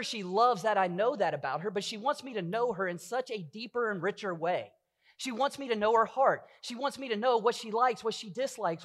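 A man's voice: high-pitched, a bit bright. A middle-aged man preaching a sermon as pastor, earnest and full of rhetorical questions.

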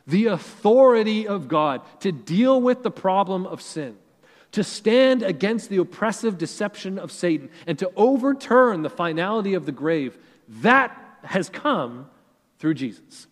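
A man's voice: high-pitched, sing-song, measured pace. A male pastor preaching a sermon to his congregation, earnest and emphatic, building his points in rising lists. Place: church sanctuary. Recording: church hall reverb.

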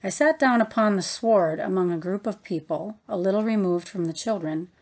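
A woman narrating a book in a measured, reverent reading voice. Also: medium pitch. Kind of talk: audiobook narration.

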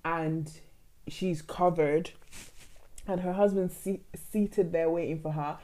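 A young woman, co-hosting a casual chat, expressive and emotional, rambling with many fillers. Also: on the low side, slow. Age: young adult. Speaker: podcast co-host.

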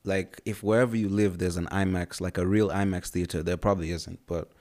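A young man co-hosting a casual movie review chat, relaxed and slangy, with many fillers and repeated words. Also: low voice, fairly quick. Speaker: podcast co-host.

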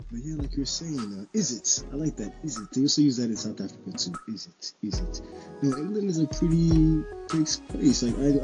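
A man's voice: lowish voice, low-quality recording. A man from New York calling in to a chat show, enthusiastic and slangy, laughing now and then. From New York City. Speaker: caller. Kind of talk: casual chat.

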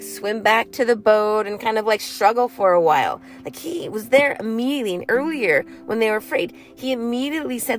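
A young woman giving a casual devotional talk and reading scripture aloud. She is chatty, laughs easily and uses many fillers. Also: medium pitch. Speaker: faith vlogger.

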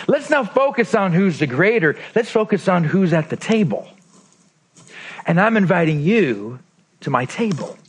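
A man with a fairly high voice preaches a sermon as a pastor in a church. He acts out quoted lines with lively energy, then drops into soft, intimate tones to press a point home. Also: husky.

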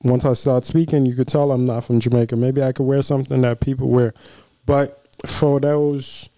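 A man's voice: medium pitch, flat delivery, normal speed, dark tone, no room sound, clean studio sound. A young man from Nigeria co-hosting a podcast in casual, joking chat, rambling with fillers. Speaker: podcast co-host.

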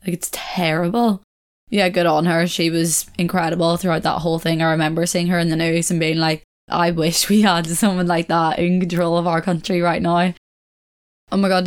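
A young woman vlogging in a casual chat to camera, talkative and quick to correct herself. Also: lowish voice, darkish tone. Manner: chatty, self-correcting, laughs often.

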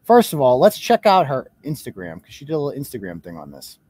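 A man's voice: mid-range voice, wildly swooping pitch, fast talker, a little mellow, breathy edge, no echo. A man hosting a live show, ranting with heavy profanity and sarcasm. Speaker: host.

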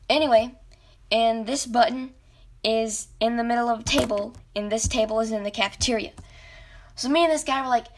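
A young woman telling a rambling, animated story about a video game as a podcast host. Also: a little high. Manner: rambling, animated, self-interrupting. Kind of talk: casual storytelling.

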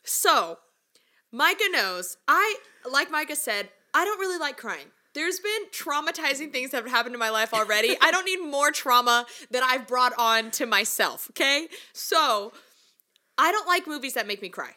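A young woman telling a story in casual chat, animated and laughing often as she acts out what people said. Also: high voice, normal speed.

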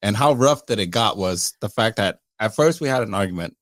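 Brief: man, podcast host, lively swings in pitch, crude storyteller, dry close mic. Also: fairly quick, no echo. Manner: crude storytelling, laughs a lot. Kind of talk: casual group chat.

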